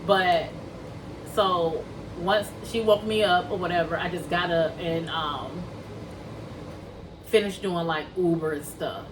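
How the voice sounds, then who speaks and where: A woman's voice: fairly low pitch, distant mic, background noise. A woman casually tells a personal story to her viewers, talking them through it and acting out what people said. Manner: chatty, addresses viewers as y'all, acts out quoted dialogue. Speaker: vlogger telling a personal story.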